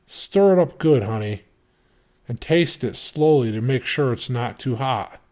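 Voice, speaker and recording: Caring young woman, coaxing, slightly raised pitch, audiobook, read by a man. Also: expressive, measured pace, a little mellow, natural voice.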